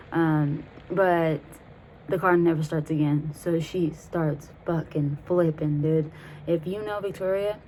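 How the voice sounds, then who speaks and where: A woman's voice: sits low, warm tone, a little hiss or hum, rough recording. A young woman in her twenties telling a rambling, profane story in a casual way, laughing as she goes. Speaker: vlogger.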